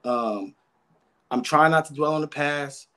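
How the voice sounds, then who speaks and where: A man's voice: fairly high pitch, unhurried, sharp tone. A man guest giving emotional, rambling interview answers, often repeating words.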